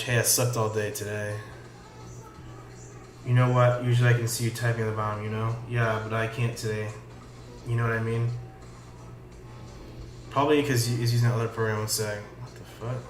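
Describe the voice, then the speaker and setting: Sarcastic man reading aloud in an echoey room. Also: medium pitch. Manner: sarcastic, swears, reads lines flatly. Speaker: streamer reading and commenting on a chat log. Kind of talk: casual commentary, reading aloud. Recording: echoey room with faint music.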